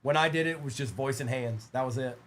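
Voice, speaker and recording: A man's voice: mid-range voice, quick pace, fairly bright tone. A man hosting a live-stream trading card break, chatting upbeat and casual while rattling off player names as he opens packs.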